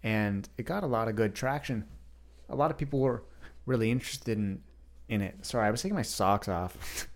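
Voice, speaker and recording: A man's voice: fairly low pitch, brisk. A young man hosting a solo podcast, chatting freely and rambling straight to his listeners. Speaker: podcast host. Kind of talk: unscripted solo podcast chat.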